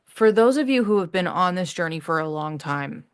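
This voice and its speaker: A woman hosting her own podcast, talking earnestly and reassuringly to listeners, often halting and restarting. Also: lowish voice, animated, smooth. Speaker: podcast host. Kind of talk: heartfelt solo podcast talk.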